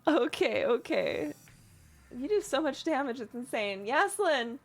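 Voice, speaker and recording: A woman's voice: high voice, very animated, faint music behind. Chatty woman running a tabletop game. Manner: quick, chatty, thanks viewers. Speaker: dungeon master. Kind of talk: narrating a tabletop game on stream.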